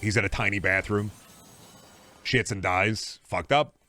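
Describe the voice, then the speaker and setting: A young man streaming a video game, chatting casually with a rambling, jokey, profane manner and sudden excited outbursts. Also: on the low side, measured pace, faint music behind. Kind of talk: casual gaming stream chat.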